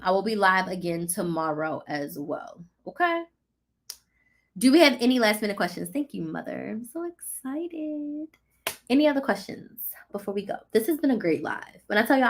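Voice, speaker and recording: A woman business coach chatting casually on a live stream, excitable, animated and full of slang. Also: medium pitch.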